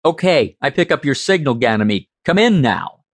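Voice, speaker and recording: A man's voice: mid-range voice, sing-song, moderate pace, breathy edge, dry recording. A man voicing an impatient male mail ship pilot in an audiobook, talking urgently. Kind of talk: audiobook character voice.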